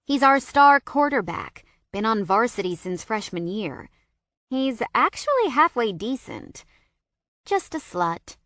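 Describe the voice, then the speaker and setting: A woman voicing a gossipy, excitable teenage girl who teases her best friend bluntly in an audiobook. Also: on the high side, unhurried, no echo, clean studio sound, pitched above the performer's own voice, full character voice.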